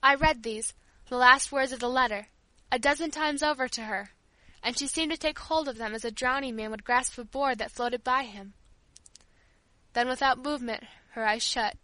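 Female audiobook reader, high and bright, dry close sound, earnest storytelling. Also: normal speed, no echo, low-quality recording. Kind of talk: audiobook narration.

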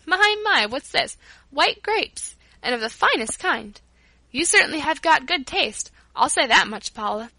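Woman voicing a middle-aged father, dry teasing manner, tender underneath, storybook reading, bright tone. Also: sits high, animated, measured pace, vocal fry, no echo, pitched above the performer's own voice, heavily acted. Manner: dry, teasing, then gentle.

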